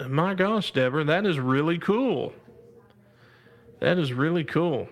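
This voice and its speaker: Man, live-stream host, slow easygoing pace, reads out comments, laughs a lot, exclaims to God. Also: on the high side, animated. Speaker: live show host reading viewer comments. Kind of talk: casual live-stream chat.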